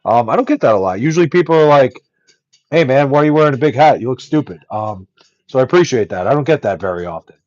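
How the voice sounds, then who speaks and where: A man's voice: medium pitch, animated, quick pace, darkish tone, no echo, dull audio. A young man chatting casually on a livestream, reading chat aloud, loose and profane with lots of ums.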